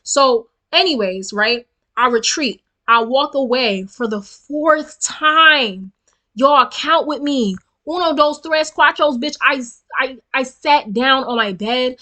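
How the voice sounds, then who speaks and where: A young woman tells a storytime vlog with a bright, forceful edge. She sits a little high in her register and keeps it animated, profane and emphatic as she talks straight at her viewers. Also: slow pace. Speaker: storytelling vlogger. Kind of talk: casual storytime rant.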